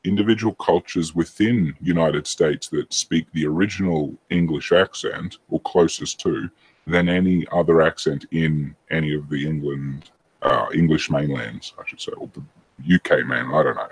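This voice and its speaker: A man's voice: rumbling low, normal speed, breathy edge. A man, chatting casually on a podcast in a rambling, hesitant way that keeps correcting itself.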